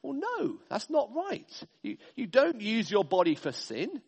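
Guy preaching a sermon with slides, a bit gravelly, pushy stress on every point. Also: very high-pitched, wildly swooping pitch, a little slow, long reverb tail. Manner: emphatic, speaks in stressed lists.

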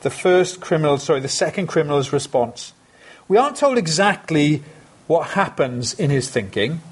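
A man's voice: on the high side, big pitch swings, moderate pace, breathy edge. A man preaching a sermon, earnest and emphatic, repeating phrases for stress.

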